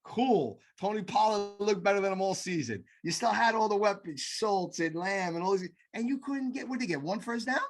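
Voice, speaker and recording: A man co-hosting a sports podcast, ranting in animated, profane casual chat. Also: high voice, a little fast, few pauses. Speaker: podcast co-host.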